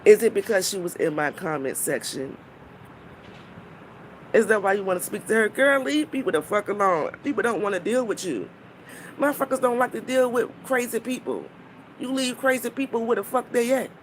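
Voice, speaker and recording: A blunt, foul-mouthed woman ranting on her live stream, her pitch swinging widely as she mocks and scolds. She breaks off now and then to greet viewers in the chat, then goes straight back to her point. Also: expressive, normal speed, a little hiss or hum. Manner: blunt, profane and mocking.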